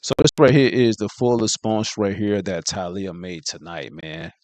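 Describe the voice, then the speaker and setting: A man's voice: sits low, steady tone, normal speed, a little mellow, dry recording. A man hosting a reaction channel, talking casually with lots of filler phrases between clips. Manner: laid-back, heavy on filler phrases.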